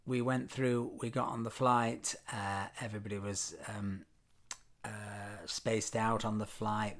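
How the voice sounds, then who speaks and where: A British man vlogging, telling a travel story casually with frequent ums and wry self-deprecating asides. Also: lowish voice. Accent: British English. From Britain.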